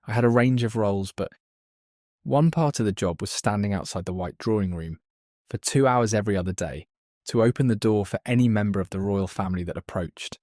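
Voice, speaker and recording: A man's voice: fairly low pitch, fairly quick, a little mellow, no room sound, studio quality, natural voice. A man doing a crude ex-footman. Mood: scornful. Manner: blunt and crude. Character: blunt, crude male former palace footman.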